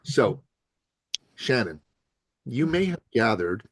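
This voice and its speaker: A man's voice: medium pitch, takes it slowly, husky, dry recording. An older man, a podcast guest, telling a story in conversation and acting out the people he quotes. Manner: lively storyteller who acts out the people he quotes.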